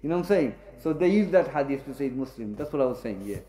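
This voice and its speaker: A man's voice: mid-range voice, expressive, fast talker, dark tone, a little hiss or hum. A man teaching a religious lesson in a mosque and answering students, explaining in short repeated phrases with many fillers. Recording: echoey room.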